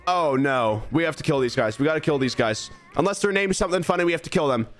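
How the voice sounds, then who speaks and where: A man's voice: a little high, lively intonation, fast talker, a bit bright, soft background music. A young man streaming a game, animatedly bossing his creatures around as he plays. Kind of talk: live gameplay commentary.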